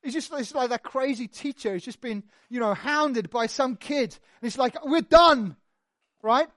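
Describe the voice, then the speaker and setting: A preacher giving a sermon, telling the story in an animated, conversational way with lively asides. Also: medium pitch, normal speed, dry recording, studio quality.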